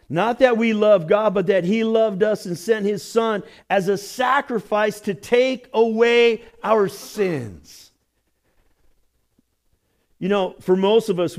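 A male pastor preaching with a voice that sits a touch high. He takes his time, leaning on emphatic exclamations and then dropping to hushed, intimate remarks. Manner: animated preaching, swinging from loud exclamations to hushed asides. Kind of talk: sermon.

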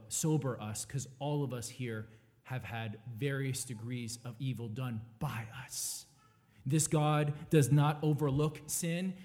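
Emphatic preacher with a high voice. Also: male voice, warm tone. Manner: emphatic, dynamic, rhetorical questions. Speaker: pastor. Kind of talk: sermon.

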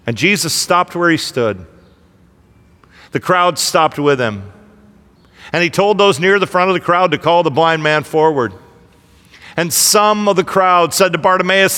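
Man, pastor, energetic sermon, bright voice, long church reverb. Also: a little high, moderate pace. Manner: energetic preaching, asks the congregation questions.

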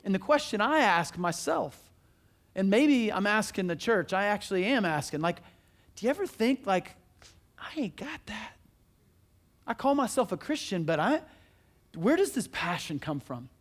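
A man preaching a sermon as pastor, telling a story in an animated, emphatic, conversational way in a church. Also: high-pitched, normal speed.

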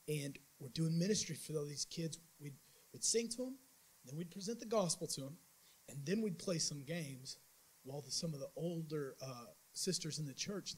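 A man giving a church mission trip report as an informal sermon testimony, telling his story in an animated way with many restarts. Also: fairly high pitch, breathy edge, low-quality recording.

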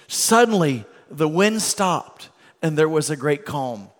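High-voiced preaching pastor, man. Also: measured pace. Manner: emphatic, repetitive preaching with rising intensity. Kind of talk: sermon. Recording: hall reverb.

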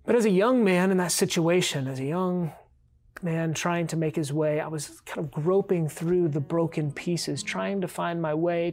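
A man's voice: on the high side, vocal fry, darkish tone. A man preaching a sermon in an earnest tone, sometimes rising into fervent calls, with faint music behind him. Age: adult. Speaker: pastor.

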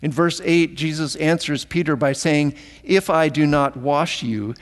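A man preaching from the pulpit with a fairly high voice. He delivers his sermon with animated, emphatic phrasing and repeats words for emphasis. The sound rings with a long hall reverb, as in a church sanctuary. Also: a little slow. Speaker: pastor.

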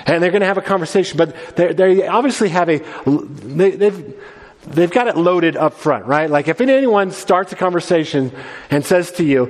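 A man's voice: sits high, lively intonation, moderate pace, long reverb tail. A male pastor preaching a sermon in a conversational way, often restarting his sentences and quoting scripture.

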